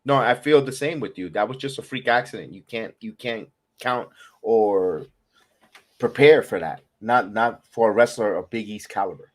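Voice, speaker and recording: A man with a low, deep voice co-hosts a casual wrestling podcast. He is from the American South and talks in long, rambling runs that drift into backstory. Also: normal speed. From Southern United States. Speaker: podcast co-host.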